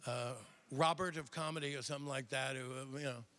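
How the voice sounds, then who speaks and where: An older man doing a stand-up routine on a theater stage, animated and slipping into quick impressions of other people. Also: medium pitch. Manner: animated, mimics characters in quick asides. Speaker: stand-up comedian. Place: theater stage before a live audience.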